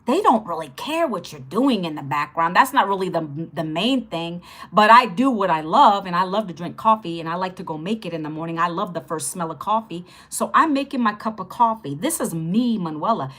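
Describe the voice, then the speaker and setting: Lowish yet fairly bright, this woman's voice is animated and brisk with hardly any pauses. In her fifties, she hosts an upbeat, chatty livestream on online income, welcoming viewers and repeating phrases.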